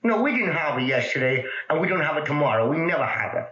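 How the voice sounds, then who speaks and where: Snappy yelling waiter, 50s sketch record, bright voice, scratchy and roomy playback. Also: male voice, fairly high pitch, sing-song, quick pace, muffled recording. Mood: exasperated. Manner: broad mocking put-on accent, yelling at customers. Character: impatient, snappish male restaurant waiter. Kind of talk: 1950s comedy sketch record. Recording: scratchy old record through camera mic.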